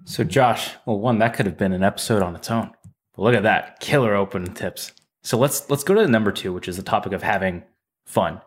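A podcast host with a lowish male voice. He asks questions in a casual, rambling way, joking between them. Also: a little fast. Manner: chatty, loose rambling questions.

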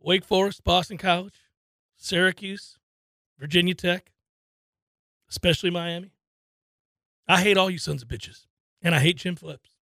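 A radio host playing a sheepish male athletic director who mutters that he hates his league, in a lowered voice. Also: steady tone, normal speed, pauses often, no room sound, clean studio sound. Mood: spiteful. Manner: muttering confession, drops to a hush.

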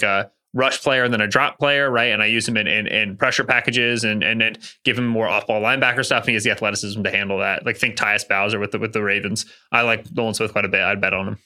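A man's voice: lowish voice, steady tone, quick pace, hardly any pauses, bright, forceful tone. A man co-hosting a casual sports podcast, giving analysis with dry humor. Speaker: podcast co-host. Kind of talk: casual chat.

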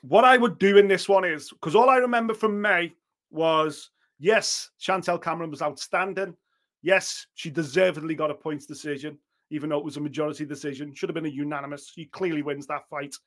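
A man's voice: on the high side, a little fast, a bit bright. A man giving blunt, opinionated boxing talk on a podcast, swearing freely and acting out what others might say. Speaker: boxing pundit.

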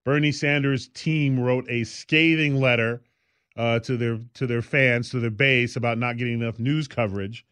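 The man's mid-range voice holds a steady, fairly bright tone at a normal pace, captured cleanly and dry. He co-hosts a podcast, telling loose, rambling stories full of fillers during casual chat.

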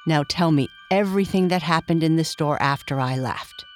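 A woman's voice: low voice, normal speed, a little hiss or hum, natural voice. A woman voicing a sweet, chatty little female sawdust doll in a storybook reading, cheerful and eager.

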